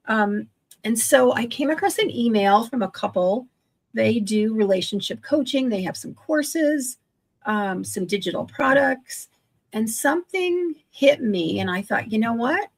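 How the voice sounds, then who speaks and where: Woman, 60s, gravelly and husky, chatty video-call guest who keeps restarting her sentences. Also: on the high side, animated, a little slow. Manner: chatty, self-correcting, enthusiastic. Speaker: guest, online business owner. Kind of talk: casual livestream chat.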